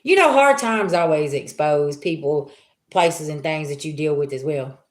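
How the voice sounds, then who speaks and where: A live-stream spiritual reader speaks in a low-pitched, animated voice at a moderate pace. Her casual monologue is chatty and forceful, and she frequently poses rhetorical questions.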